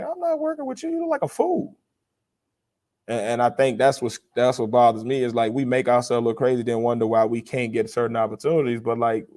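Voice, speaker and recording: A man's voice: medium pitch, a little mellow. Earnest rambling male podcast host. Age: adult with a young child. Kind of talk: live re-watch commentary.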